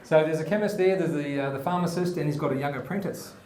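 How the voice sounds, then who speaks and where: A man telling jokes in a relaxed storytelling way. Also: fairly high pitch, fast, reverberant, a little hiss or hum. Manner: relaxed storyteller, chuckles at his own punchlines. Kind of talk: joke telling.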